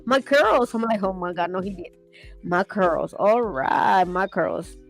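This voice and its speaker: A woman in casual chat who talks fast and acts out quotes with animated voices. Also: medium pitch, faint music behind, poor audio. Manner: fast-talking, animated storyteller acting out quotes.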